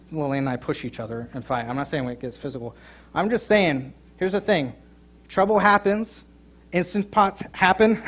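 A middle-aged man preaching a sermon, telling a funny story and joking with his congregation, with loud emphatic peaks. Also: a little high. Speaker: pastor. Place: church sanctuary.

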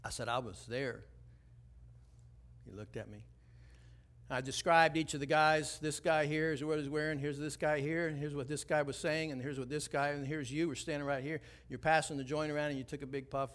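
A man preaching a sermon, telling a personal story with animated shifts between hushed, tense passages and rising emphasis. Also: fairly quick. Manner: animated storytelling, drops low and quiet for tense moments, then rises and preaches. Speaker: pastor.

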